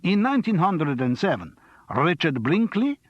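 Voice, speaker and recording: A man's voice: on the high side, big pitch swings, moderate pace, no echo, lo-fi sound, pitched above the performer's own voice. A man voicing a theatrical crime-show presenter who lectures in an exaggerated French accent. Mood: hammy. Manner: hammy, lecturing.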